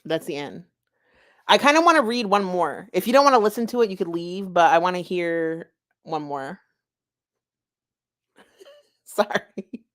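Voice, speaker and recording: A woman's voice: on the low side, lively intonation, measured pace, pauses often, fairly bright tone. A woman hosting a commentary channel, reading aloud with offhand, joking asides and giggles. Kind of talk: casual read-aloud with chat.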